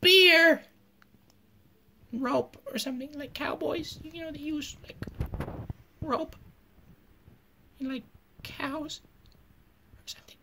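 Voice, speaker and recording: Jeffrey, a squeaky cartoon giraffe, voiced by a woman. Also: expressive, unhurried, pauses often, pushed and bright, a little hiss or hum, heavily acted. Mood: flippant. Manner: offhand and crude, with sloppy fillers and swearing. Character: goofy cartoon giraffe history teacher, crude and flippant. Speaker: teacher. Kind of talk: comedic cartoon narration.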